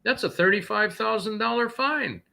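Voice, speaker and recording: A man voicing a smug male highway patrol officer scolding a trucker. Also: moderate pace, vocal fry, pushed and bright, heavily acted.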